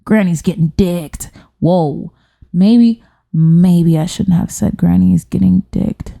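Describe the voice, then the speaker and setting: A woman's voice: on the low side, steady tone, slow, gravelly, dark tone. A woman hosting a podcast, reading stories aloud in casual chat, blunt and profane, wandering into tangents, close on a microphone. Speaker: podcast host. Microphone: studio microphone.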